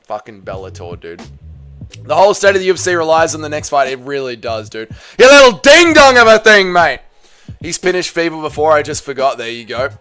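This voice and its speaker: Excitable, profane man streaming. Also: medium pitch, brisk, smooth, faint music behind. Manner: excitable and profane, bursts into shouts. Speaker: streamer hosting a watch party. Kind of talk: casual live-stream chat reading comments.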